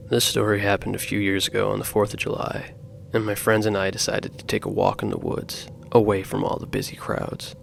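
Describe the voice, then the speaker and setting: A man narrating true horror stories in a slow, grave scripted style. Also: lowish voice, level tone, vocal fry, slight background noise.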